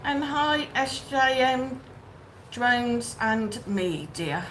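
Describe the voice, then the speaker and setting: A woman hosting a relaxed live stream and reading out viewers' comments. Her voice sits high and she takes her time, greeting people by name. A faint noise hums under the recording. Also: very slow, poor audio. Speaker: livestream host. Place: outdoors or home in Benidorm.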